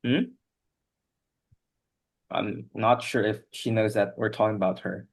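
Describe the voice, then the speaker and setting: Slow, patient male English teacher. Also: on the low side, fairly even intonation, creaky. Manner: patient, corrects pronunciation word by word. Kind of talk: online class coaching. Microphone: video call.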